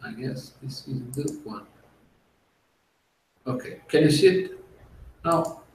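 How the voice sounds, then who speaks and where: Guy hosting a tech podcast on a video call, slow easygoing talk, real echoey room, sits back from the mic. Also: mid-range voice, creaky, darkish tone, recorded from a distance, a little hiss or hum. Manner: unhurried, explanatory, laughs easily. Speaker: podcast host. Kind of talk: casual tech podcast chat.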